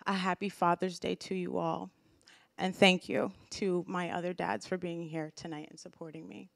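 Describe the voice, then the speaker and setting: A woman's voice: fairly low pitch, level tone, moderate pace, creaky. A young woman giving a heartfelt, grateful speech at a community event, emotional and full of restarts. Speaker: community speaker.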